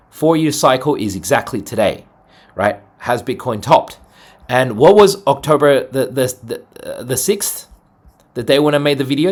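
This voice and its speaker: Husky-voiced, this crypto trading video host hypes up charts in casual market commentary. He's energetic and salesy, leaning heavily on "right?" and "boom".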